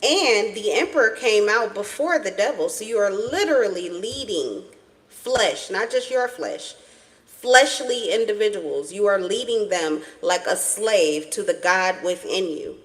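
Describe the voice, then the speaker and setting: A woman's voice: medium pitch, animated, measured pace, poor audio. A woman giving a casual tarot reading to her viewers, blunt and profane, with emphatic repetition. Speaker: tarot reader.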